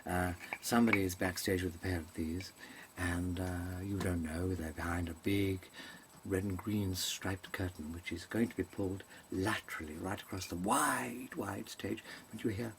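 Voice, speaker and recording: Low-pitched and gravelly, a man's voice moves at a normal speed with fairly even intonation over slight background noise. An actor, he delivers a digressive comic monologue to a webcam in mannered stage diction, often hesitating, using ums, and correcting himself.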